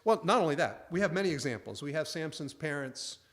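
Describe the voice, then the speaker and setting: Animated male preacher, folksy sermon. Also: fairly high pitch, brisk. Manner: folksy, acts out the angel's lines. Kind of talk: conversational sermon.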